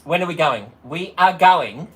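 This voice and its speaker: A chatty man runs a casual livestream, rattling off hellos to viewers by name. He talks in a relaxed, unhurried way and keeps breaking into laughter. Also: on the high side. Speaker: livestream host.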